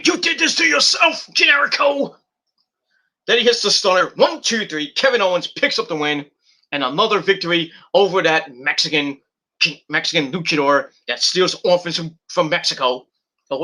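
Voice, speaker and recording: Sharp-voiced, profane man recapping wrestling. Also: a little high. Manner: profane, blunt, rambling play-by-play. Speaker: wrestling reviewer. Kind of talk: casual match recap.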